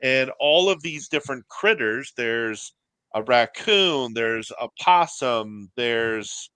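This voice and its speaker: A man hosting a casual board game show over a video call, relaxed, explaining a game at length. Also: medium pitch, slow, smooth, no room sound. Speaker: host. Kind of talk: casual chat.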